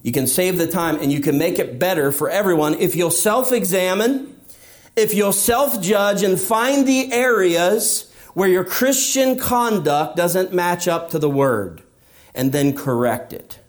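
Man, high voice, sermon, emphatic, rhetorical questions. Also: unhurried. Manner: acts out a believer's inner voice. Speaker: pastor.

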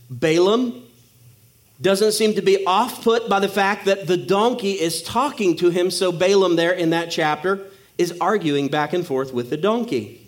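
A male preacher giving a sermon, telling a story with humor and acting out the characters. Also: sits high.

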